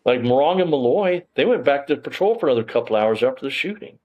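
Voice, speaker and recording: Older guy telling his story in an interview, talks fast, rambles and restarts a lot. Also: medium pitch, very animated, muffled recording. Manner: rambling, with frequent restarts and fillers. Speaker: interview guest, former police officer.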